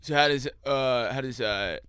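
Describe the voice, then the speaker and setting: A man's voice: medium pitch, moderate pace, pushed and bright, smooth, no room sound, natural voice. A man reading the part of a wary, awkward young man from a dating show in a comic table read, hesitant and laughing.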